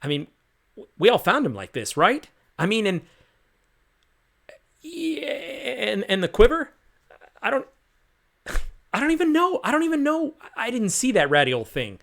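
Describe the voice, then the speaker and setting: A frightened young recruit played by a man stammers out nervous denials in a voice that jumps up high. Each word comes out in a quick, rattled rush. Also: huge pitch swings, fairly bright tone, exaggerated voice. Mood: panicky.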